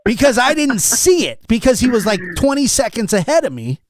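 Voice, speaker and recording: A young man hosting a podcast, telling a story in a casual, animated and exasperated way, acting out what others said. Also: extremely high pitch, fairly quick, no room sound. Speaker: podcast host.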